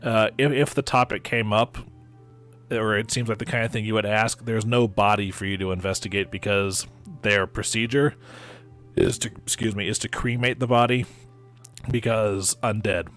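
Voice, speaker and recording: A man's voice: on the low side, steady tone, moderate pace, a bit bright, faint music behind. A man running a tabletop game as game master, who stammers and repeats words as he explains the rules.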